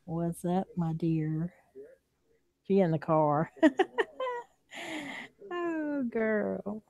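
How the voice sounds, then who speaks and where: Southern woman with a low, mellow voice. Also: level tone, slow, no echo, lo-fi sound. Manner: chatty, drawling, laughs often. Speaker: livestream host. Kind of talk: casual livestream chat. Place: home.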